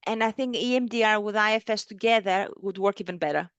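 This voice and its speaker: A woman's voice: medium pitch, fast talker, fairly bright tone, clean tone, dry recording. A woman therapist co-hosting a casual discussion over a video call, speaking hesitantly with many fillers and restarts. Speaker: therapist and book club co-host.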